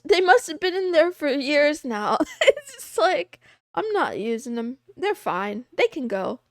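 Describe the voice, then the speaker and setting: A playful, giggly woman talks with her viewers on a casual livestream, meowing now and then in a cat persona. Her voice sits high and swoops up and down a lot, and she takes her time over the words. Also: sing-song, unhurried, no room sound, studio quality. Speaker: VTuber streamer. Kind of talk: casual livestream chat, reading out viewer names.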